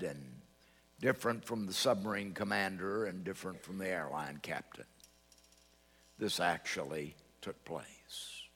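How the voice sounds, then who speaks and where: A man delivers a sermon in a church, his fairly low voice carrying a bright, forceful edge. He tells a story and quotes the back-and-forth of a conversation. His words trail off into a long hall reverb. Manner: storytelling, quoting both sides of a conversation. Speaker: pastor.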